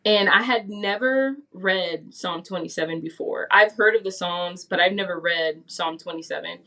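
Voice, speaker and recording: A woman's voice: fairly low pitch, moderate pace, sharp tone, far from the mic. A woman giving a casual spoken testimony, chatty, acting out her own past words as she tells it. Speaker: guest giving a faith testimony.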